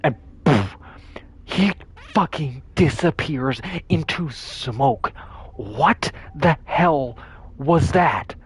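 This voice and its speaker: A man's voice: on the high side, animated, drawn-out words, breathy edge. A young man streaming a game, telling a story in a rambling, casual way with lots of fillers and swearing. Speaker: gaming streamer. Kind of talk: casual storytelling while gaming.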